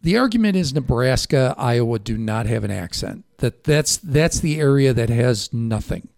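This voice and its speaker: A man's voice: medium pitch, expressive, normal speed, vocal fry, a little mellow, no room sound. A man with a Chicago accent hosting a radio show from a studio, chatty and self-deprecating. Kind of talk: casual talk radio banter. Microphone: studio microphone.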